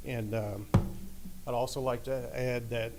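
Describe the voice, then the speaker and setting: A man's voice: medium pitch, steady tone, unhurried, loud music behind the voice, low-quality recording. A middle-aged man speaking as a resident at public comment in a council meeting, emotional, aggrieved and earnest.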